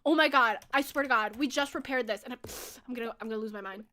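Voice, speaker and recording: Brief: giggly American female streamer, young adult, high and bright, casual chat with viewers. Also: fast talker, hardly any pauses. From United States. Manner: bubbly and giggly, chatting with viewers. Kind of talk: casual live-stream chat while gaming.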